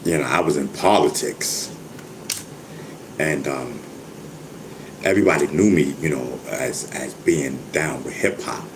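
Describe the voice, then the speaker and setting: A man's voice: a bass voice, measured pace, pauses often, noisy background. An older man, talking casually to his viewers, stammering, repeating words and laughing often. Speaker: vlogger, rapper. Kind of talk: casual livestream monologue.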